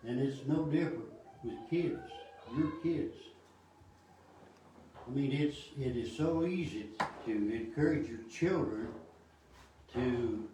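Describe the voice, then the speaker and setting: A man's voice: medium pitch, slow pace, mellow. A man speaking in a casual group discussion in a folksy, encouraging way. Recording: echoey room, far from the mic, noisy.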